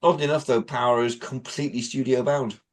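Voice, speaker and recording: A man's voice: medium pitch, steady tone, a little fast. A man co-hosting a podcast in casual chat, playfully riffing on ideas. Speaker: podcast co-host.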